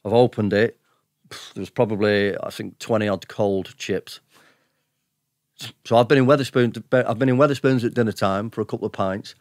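A man's voice: fairly low pitch, steady tone, normal speed, a little mellow, no room sound, clean studio sound. A man telling his story as a podcast guest, blunt and sweary, chuckling between anecdotes. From United Kingdom. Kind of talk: casual storytelling.

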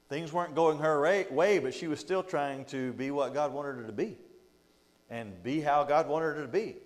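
A man teaching a Bible study as pastor, reading scripture aloud and retelling it in a folksy, joking way, often laughing between points. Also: a little high. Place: church. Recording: long hall reverb.

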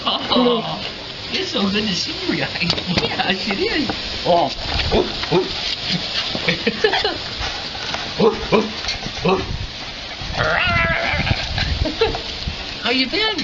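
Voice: medium pitch, wildly swooping pitch, drawn-out words, pauses often. A returning soldier greeting the family dogs in a home video, repeating friendly greetings. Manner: warm greetings, repeats phrases. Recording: dull, very noisy home video.

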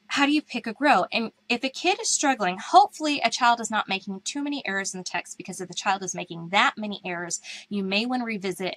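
A woman's voice: fairly low pitch, a bit bright, low-quality recording. A woman teaching other teachers in a live online talk, speaking in a chatty, conversational way with frequent ums and likes. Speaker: reading teacher and educator.

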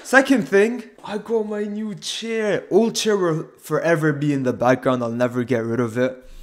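Young guy talking manga on camera at his desk, kinda high voice, keeps going off topic. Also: moderate pace. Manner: rambling and self-interrupting, jumps off topic. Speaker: manga reviewer. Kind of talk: casual on-camera chapter review.

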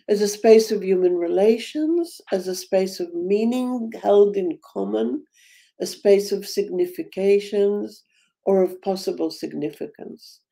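A woman giving an academic talk on a video call, thoughtful and halting, with frequent ums and restarts. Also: on the low side, vocal fry, dark tone. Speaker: panel speaker.

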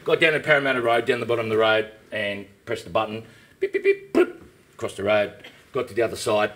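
A man with an Australian accent, a talk show guest telling a comic story in an animated way and swearing casually. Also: lowish voice.

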